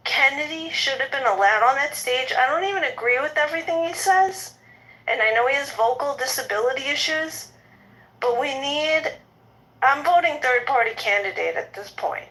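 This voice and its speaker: A woman in her fifties delivers an impassioned political rant in an audio chat room, agitated and indignant, stumbling and repeating herself as she talks. Her voice sits fairly high and sounds bright and forceful. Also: expressive, moderate pace, poor audio. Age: 50s.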